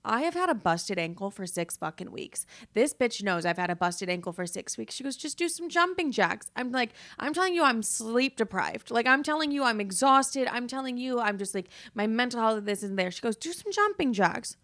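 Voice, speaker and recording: A woman's voice: on the high side, lively intonation, fairly quick, hardly any pauses, a bit bright. A young woman hosting a podcast in casual, rambling confessional chat, teary after crying, swearing freely. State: teary, just been crying. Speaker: podcast host.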